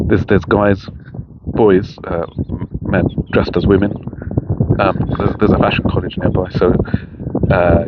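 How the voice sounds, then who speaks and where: A middle-aged man chatting casually outdoors in a park, rambling with many restarts. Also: fairly low pitch. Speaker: vlogger. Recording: dull lo-fi sound with faint noise.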